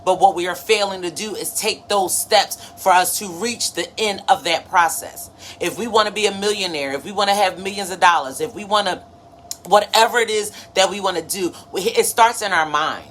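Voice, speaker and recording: A woman's voice: mid-range voice, normal speed, fairly bright tone. A woman in her thirties hosting a motivational live stream, preachy and conversational, greeting viewers by name. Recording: faint background noise.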